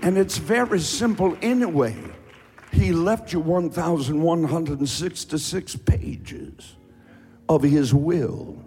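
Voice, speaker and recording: Guy preaching a sermon, high voice, slow and shouty, some music in the back. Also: husky, a faint crowd. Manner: fervent, shouting and chanting in parts. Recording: faint music behind.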